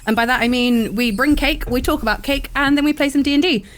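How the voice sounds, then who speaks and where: A woman's voice: high voice, quick pace. A woman guest on a quiz show, talking casually and chattily with a self-deprecating touch. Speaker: podcast guest. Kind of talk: casual chat.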